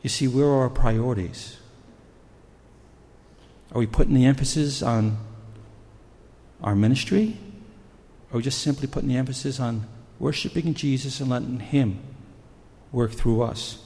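A man's voice: medium pitch, normal speed, long pauses, warm tone. A man preaching a sermon in an earnest storytelling manner. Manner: earnest, storytelling, acts out panicked voices. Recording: long reverb of a hall.

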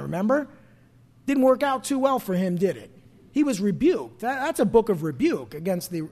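A man's voice: sits high, darkish tone. A man preaching a sermon as pastor, talking conversationally and asking the congregation questions.

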